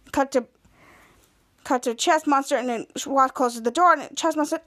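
A podcast host with a high voice retells a TV episode scene by scene. She rambles through it, quoting each character's lines with small shifts in her voice. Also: moderate pace, fairly bright tone. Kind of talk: casual episode recap.

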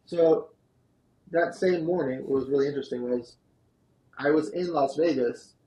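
An animated man recounting a business story as a podcast guest. His voice sits a little high but stays mellow and warm. He rattles through events in quick bursts. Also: poor audio. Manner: animated, fast-moving anecdotes. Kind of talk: storytelling interview answer. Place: podcast studio.

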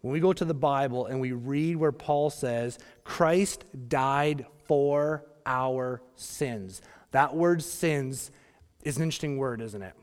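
A man in his thirties preaching a sermon as a pastor, joking, moving between hushed asides and emphatic bursts. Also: mid-range voice, moderate pace. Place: church sanctuary. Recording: long reverb of a church hall.

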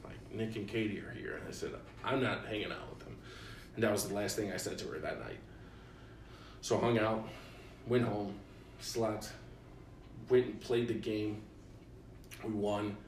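A young man from Illinois tells a story with a low voice, acting out every line of dialogue and laughing as he goes. He sits a bit back from the mic in a roomy space, with faint ambience behind him. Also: normal speed, long pauses, distant mic, a little hiss or hum. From Illinois, USA. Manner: animated storyteller, acts out quotes, laughs often. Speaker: podcast host. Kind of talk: casual storytelling chat.

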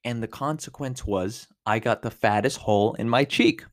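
A man in his twenties hosting a podcast, telling a personal story in a casual, animated way, with big jumps in pitch and loudness. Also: normal speed. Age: 20s. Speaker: podcast host.

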